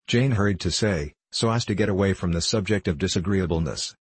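A man narrating a storybook aloud in an even, measured reading. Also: low-pitched, husky, dry recording. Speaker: audiobook narrator.

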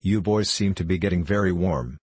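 A cheerful, eager storybook girl who speaks up quickly, read by a man. The voice is low and husky, close and dry. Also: darkish tone, no room sound.

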